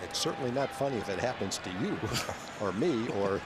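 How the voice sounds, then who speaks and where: A man's voice: medium pitch, expressive, brisk. A man giving color commentary on a baseball broadcast, earnest and explanatory. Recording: very loud crowd and noise behind. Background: ballpark crowd.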